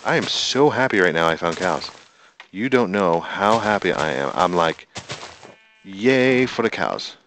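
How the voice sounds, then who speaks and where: A man's voice: low-pitched, expressive, moderate pace, a bit bright, a little hiss or hum. A man giving casual commentary on his own gameplay, chatting to himself, counting aloud and talking to the animals on screen. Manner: talks to the in-game animals. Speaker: gameplay video host.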